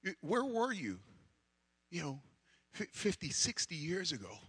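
A man's voice: on the high side, wildly swooping pitch, unhurried, a bit bright, slightly rough, no echo, heavily acted. A man voicing an aging man who grumbles in a rambling way about his worn-out body. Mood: complaining. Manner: whiny, rambling complaint.

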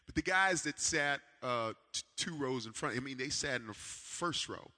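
A man preaching a sermon with a personal story, animated, swinging from loud calls to hushed asides. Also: medium pitch, normal speed, big-room sound. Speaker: pastor.

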